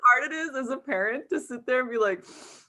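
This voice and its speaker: A woman's voice: high voice, animated, fast talker, bright, forceful tone. A middle-aged woman filmmaker speaking animatedly in a Q&A over a video call, laughing often and acting out quotes. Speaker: filmmaker and guest.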